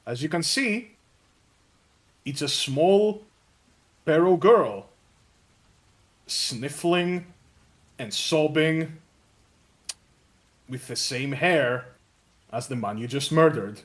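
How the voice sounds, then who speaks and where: Male game master, fairly high voice, narrates a tabletop scene with laughs and swearing. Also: animated, extremely slow, pauses often.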